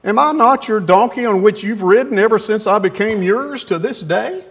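A man voicing a bewildered, hurt female donkey in a high plaintive voice while retelling a Bible story. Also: normal speed, a bit bright. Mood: pleading.

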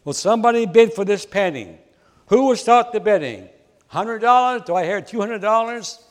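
A firm, persistent male auctioneer calls out bids insistently, played by a preacher. His voice runs a little high. A long hall reverb hangs behind each call. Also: expressive, normal speed.

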